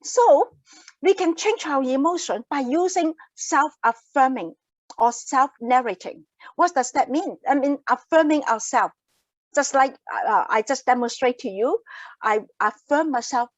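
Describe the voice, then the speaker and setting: A woman's voice: high-pitched, animated, unhurried, no room sound, rough recording. A woman presenting an online wellness workshop, talking earnestly and repeating key phrases for emphasis. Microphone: laptop mic on a video call.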